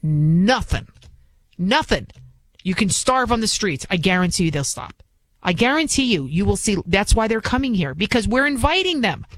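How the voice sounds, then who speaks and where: A woman's voice: mid-range voice, big pitch swings, fairly quick, fairly bright tone, dry recording. A woman political commentator talking in an indignant, emphatic way, firing off rhetorical questions and repeating her points. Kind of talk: opinion monologue.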